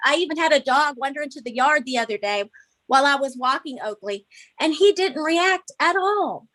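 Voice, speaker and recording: High-voiced earnest woman. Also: a bit bright. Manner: earnest, pleading. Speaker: dog adopter testifying at a hearing. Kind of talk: public testimony.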